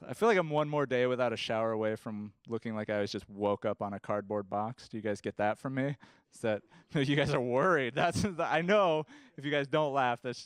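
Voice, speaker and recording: A young man performing a rambling, self-deprecating stand-up set on a comedy stage, full of halting restarts. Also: mid-range voice, clean tone, no echo. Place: comedy stage before a live audience.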